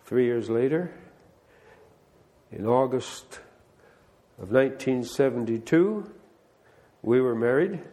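A man's voice: mid-range voice, animated, takes it slowly, long pauses, dark tone. An older man, a pastor, giving a conversational sermon that mixes scripture reading with plainspoken remarks and direct questions to the listeners.

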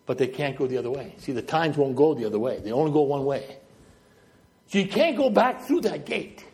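Animated storytelling preacher from New Brunswick. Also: male voice, mid-range voice, brisk. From New Brunswick, Canada. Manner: storytelling, illustrating with gestures, walking back and forth. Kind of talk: sermon.

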